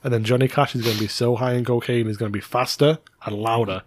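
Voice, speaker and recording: A man co-hosting a podcast in casual chat, teasing, silly and full of deadpan jokes. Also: mid-range voice, quick pace. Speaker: podcast co-host.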